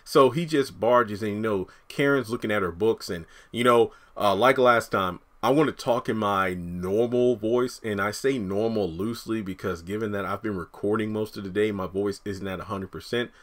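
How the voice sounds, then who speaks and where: A man's voice: fairly low pitch, moderate pace, hardly any pauses. Chatty male recap host, slightly sore throat. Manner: chatty, animated commentary. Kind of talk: casual commentary.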